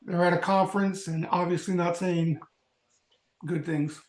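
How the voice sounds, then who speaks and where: A man's voice: sits high, steady tone, measured pace, reverberant. A man on a live trading stream calling out market moves with dry jokes.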